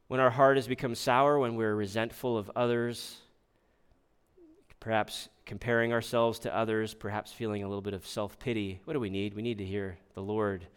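Smooth-voiced male preacher. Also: on the low side. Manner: conversational, asks the congregation rhetorical questions; restarts and repeats words often. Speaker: pastor. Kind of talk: sermon.

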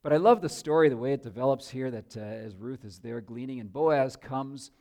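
A man preaching a sermon, telling a story in an animated way with joking asides to his listeners. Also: mid-range voice, brisk.

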